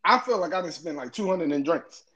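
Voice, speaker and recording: A man's voice: fairly high pitch, expressive, fairly quick, fairly bright tone. Podcast host, male, pushy and profane, dull lo-fi audio. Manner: insistent, swears, interrupts to push his own version. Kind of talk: casual podcast banter. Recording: dull, lo-fi sound.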